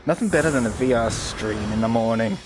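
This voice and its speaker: A man's voice: medium pitch, fairly quick, noisy background. A man streaming a VR game, who riffs in crude, rambling jokes as he plays. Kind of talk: casual game commentary.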